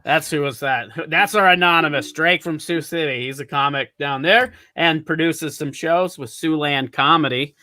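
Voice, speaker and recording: A man's voice: a little high, normal speed, hardly any pauses, bright, forceful tone, no echo. A man hosting a comedy podcast, chatting loosely and laughing as he workshops jokes with comics. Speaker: podcast host. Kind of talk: casual comedy workshop chat.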